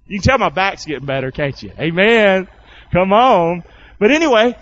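A man preaching a sermon, his fairly high voice leaping all over its range as he calls the congregation to repeat after him. He drawls slowly and folksily, bursting out loud and then dropping to a hush. The recording is dull and lo-fi. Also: a little hiss or hum. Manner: call-and-response with the congregation; folksy and animated, swinging from loud to hushed. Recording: dull lo-fi sound.

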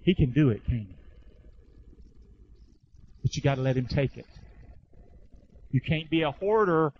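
A man's voice: medium pitch, lively intonation, unhurried, highs cut off, a little hiss or hum. A man preaching a sermon, calling for his congregation to answer and repeating lines back. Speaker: pastor.

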